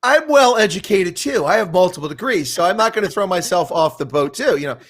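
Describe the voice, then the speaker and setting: A man's voice: high voice, animated, fast. An older man, a guest in a conversational interview, telling stories at length and often restarting his sentences. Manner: rambling storyteller, frequent restarts.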